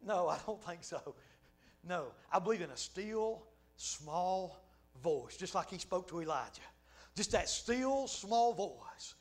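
High-voiced preacher, hushed to shouting. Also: male voice, animated, measured pace. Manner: swings from hushed asides to shouted exclamations, laughing. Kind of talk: sermon.

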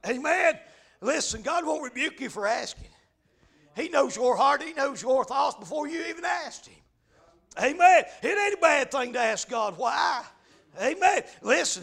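A man preaching a fervent sermon, punctuating lines with "amen" and shouting in bursts. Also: very high voice, gravelly.

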